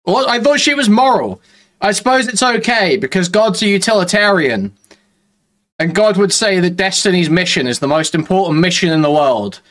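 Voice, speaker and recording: A man's voice: high-pitched, expressive, moderate pace, fairly bright tone. A man hosting reaction commentary, sarcastic and mocking in tone. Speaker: commentary host.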